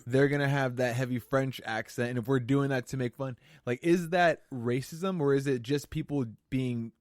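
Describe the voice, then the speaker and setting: A man co-hosting a podcast in casual chat, talking haltingly with many fillers and questions. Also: medium pitch, steady tone, a little mellow, no room sound, clean studio sound. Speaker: podcast co-host.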